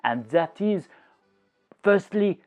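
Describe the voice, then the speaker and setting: Hamming it up with a fake French accent, a man hosts a lighthearted language-learning video, sprinkling in French phrases and explaining things one step at a time. His high voice is animated, the recording is muffled, and soft music plays behind him.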